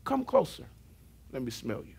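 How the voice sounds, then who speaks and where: A man's voice: medium pitch, huge pitch swings, moderate pace, creaky, a little mellow, breathy edge, pitched below the performer's own voice, exaggerated voice. A man preaching, voicing an old blind father who questions his son and then refuses firmly. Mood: suspicious.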